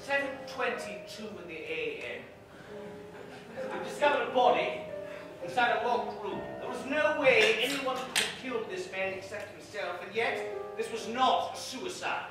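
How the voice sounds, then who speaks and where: An actor in an improv theatre scene playing a pompous Victorian detective, with grandiose, declamatory deductions. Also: male voice, high voice, animated, moderate pace, recorded from a distance. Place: theatre stage. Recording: roomy stage from afar, music and audience.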